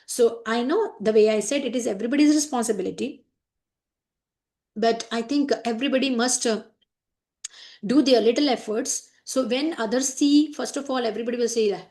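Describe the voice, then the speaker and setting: Here is an Indian woman in middle age teaching a French lesson, her voice a little high. She explains each phrase slowly and firmly warns her students off common mistakes. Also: darkish tone. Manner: switches between French, English and Hindi, explaining each phrase; firm, scolding reminders about mistakes. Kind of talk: classroom lesson explaining a letter.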